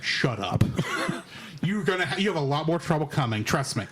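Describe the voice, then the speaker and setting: A man co-hosting a podcast, chatting casually with animated, sarcastic asides. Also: on the high side, fairly quick, noisy background. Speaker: podcast co-host. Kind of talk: casual chat.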